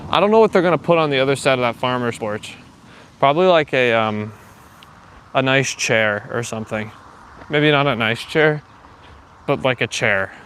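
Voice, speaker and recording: Out on a walk, a young man hosts a live stream, reading viewer comments and chatting in a rambling, filler-heavy way. His mid-range voice is a bit bright, at a moderate pace with frequent pauses. A little hiss or hum sits under the audio.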